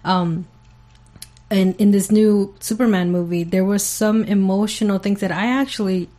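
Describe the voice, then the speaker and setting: A woman's voice: medium pitch, fairly even intonation, moderate pace, warm tone. A woman co-hosting a podcast, talking earnestly and casually. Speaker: podcast co-host. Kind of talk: casual chat.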